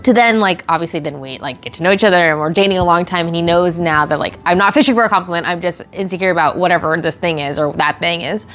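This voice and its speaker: A young woman streamer chatting casually with her chat and telling an animated story, full of laughter and filler words. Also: on the low side, fast, hardly any pauses. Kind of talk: casual chat answering chat questions.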